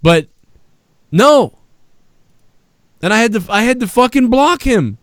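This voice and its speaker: A man's voice: very high voice, lively intonation, slow pace, no echo, clean studio sound. A man hosting a podcast, telling a long story in casual, profane, rambling talk. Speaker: podcast host. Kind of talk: casual chat.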